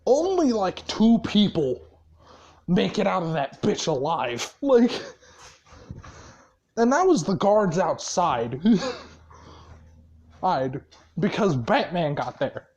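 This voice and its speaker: A rambling, profane storyteller spinning a fan-made story in loose, casual speech full of fillers and laughs. The pitch is lively and swings widely. The pace is slow and unhurried. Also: highs cut off.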